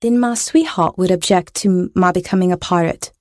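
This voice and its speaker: A woman's voice: lowish voice, moderate pace, darkish tone, no room sound, lightly acted. Storybook young lad, bold and polite, earnest , as a woman reader does him; dry close sound. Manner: polite and bold, then pleading. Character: bold handsome young man caught stealing.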